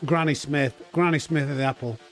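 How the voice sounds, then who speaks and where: A man's voice: on the high side, fairly even intonation, a little fast, faint music behind. Chatty man streaming a race. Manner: chatty, reads out viewer names and thanks them. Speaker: sim racing streamer. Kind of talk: live gaming stream chat.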